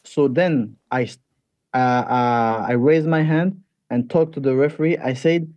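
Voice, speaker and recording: Fighter man, mellow voice, halting. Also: mid-range voice, no echo, dull audio. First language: French. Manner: halting, repeats words, animated when retelling. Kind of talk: interview answers.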